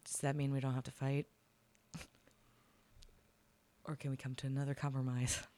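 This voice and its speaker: A woman's voice: rumbling low, flat delivery, moderate pace, warm tone. A woman playing a bold young warlord adventurer in her own casual voice, laughing easily. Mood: bargaining.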